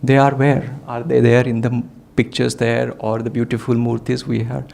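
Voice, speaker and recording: A man's voice: medium pitch, monotone, normal speed, gravelly, darkish tone. A man giving a devotional talk at a satsang. He speaks reflectively and asks many rhetorical questions. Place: meditation hall.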